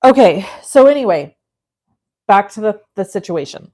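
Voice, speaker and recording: This middle-aged woman talks at a moderate pace in a medium-pitched voice, telling a story while working on her craft livestream. Her casual chat is lively and full of self-mockery.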